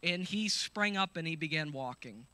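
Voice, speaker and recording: Bright-voiced man preaching a sermon. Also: on the high side, expressive, moderate pace, clean tone. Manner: reads scripture aloud and shouts the healing commands; calls out to the congregation with hallelujahs.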